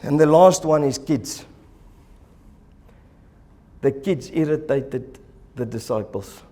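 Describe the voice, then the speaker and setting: A man preaching a sermon in church, animated and acting out the voices of the people in his stories. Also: a little high, slow pace. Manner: animated, acts out quoted voices. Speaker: pastor.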